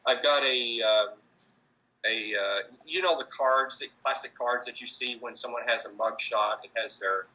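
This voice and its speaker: A man's voice: mid-range voice, normal speed, pushed and bright, poor audio. A man answering interview questions about his street performing, hesitant, with many fillers and restarts. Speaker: street performer in mobster costume.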